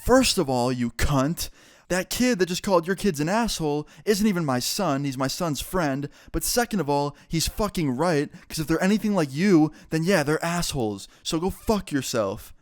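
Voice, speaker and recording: A man doing an enraged mother in a storytime vlog, swearing hard and squaring up to a rival parent. The voice comes across smooth and clean, with a dry, close sound. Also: on the high side, animated, moderate pace, no room sound, voice pushed up, close to an everyday voice. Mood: furious. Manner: swearing, confrontational. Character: angry middle-aged mother, loud and cursing.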